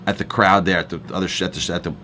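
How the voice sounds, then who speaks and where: Earnest middle-aged chef for a staff training talk, lowish voice, faint background noise. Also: male voice, steady tone, very fast, pushed and bright. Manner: earnest, emphatic, repeats words as he goes. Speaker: chef and restaurant owner.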